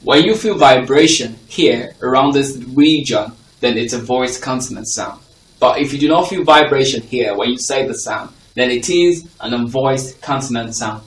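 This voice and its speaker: A man's voice: medium pitch, moderate pace, a little hiss or hum. A male teacher giving a phonics lesson to a class. He repeats example words with stress and checks that the class is following. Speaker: English teacher. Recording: echoey room, voice from a distance.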